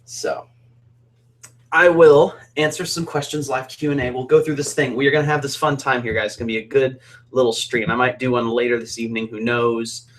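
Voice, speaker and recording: A man's voice: medium pitch, fairly even intonation, fairly quick, a bit bright. A young man from Alabama, hosting a casual, upbeat and jokey live stream chat as a singer. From Alabama, USA.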